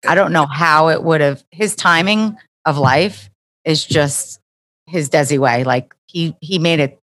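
Low-voiced woman speaking heartfelt. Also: measured pace, fairly bright tone. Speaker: guest. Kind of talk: casual conversation.

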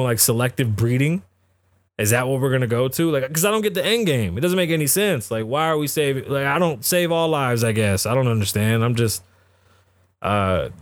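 A man's voice: mid-range voice, no room sound. A man hosting a podcast, giving casual, profane and rambling commentary on the news. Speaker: podcast host.

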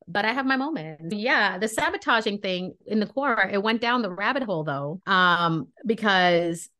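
A woman from Brooklyn tells a story in casual podcast chat. She is animated and indignant and plays out each side of the conversation. Her pitch stays in a middle range. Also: moderate pace. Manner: animated, indignant, acts out dialogue. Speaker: podcast co-host.

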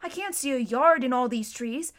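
A woman voicing a steady, level-headed eldest schoolboy in an audiobook reading. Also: sits high, moderate pace. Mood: calm.

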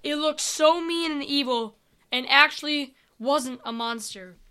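An adventure story is read aloud by a woman whose voice is bright and high-pitched. She keeps it calm and unhurried, with an even storybook rhythm.

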